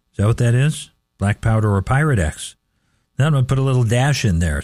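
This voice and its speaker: A man's voice: on the low side, expressive, a little fast, a little mellow, no room sound, clean studio sound. A man hosting a casual radio swap shop, reading listings and repeating phone numbers carefully.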